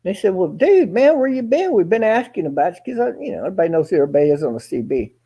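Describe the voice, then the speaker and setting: A man's voice: high voice, big pitch swings, rapid-fire, warm tone, slightly rough. A man telling a long personal story in a casual, rambling, folksy way, swearing now and then and acting out each line of dialogue. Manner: rambling, folksy, profane, acts out quoted dialogue. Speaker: guest storyteller.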